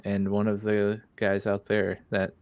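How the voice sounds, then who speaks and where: A man's voice: on the low side, monotone, unhurried, darkish tone, clear, resonant tone, dry recording. A man playing a tabletop game, talking casually with lots of fillers and searching for words. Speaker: player. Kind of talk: casual chat.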